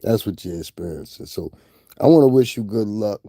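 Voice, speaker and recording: A man lectures a rival in loose, laid-back talk. His voice is low and gravelly with a warm, mellow tone, recorded dry and close. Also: animated, moderate pace, no echo. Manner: laid-back, talks straight to a rival, laughs often. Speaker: YouTube commentator. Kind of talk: casual direct-address commentary.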